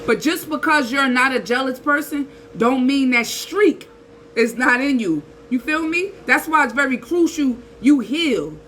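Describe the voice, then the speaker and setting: A woman, giving a casual spiritual talk in an animated, preachy way with slang and rhetorical asides. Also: sits high, unhurried, slight background noise, low-quality recording. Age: 30s. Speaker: spiritual channel host.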